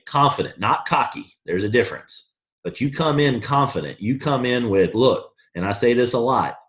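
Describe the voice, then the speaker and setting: A man from the US East Coast leading a team call, blunt and emphatic, coaching in a casual, forceful way. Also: medium pitch. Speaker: network marketing team leader. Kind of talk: motivational call talk.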